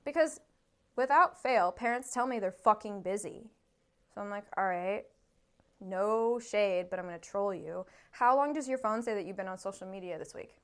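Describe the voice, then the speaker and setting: A woman therapist talking casually on a podcast, acting out quotes from clients and kids in an animated way and swearing freely. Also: mid-range voice, moderate pace, smooth. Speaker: therapist guest.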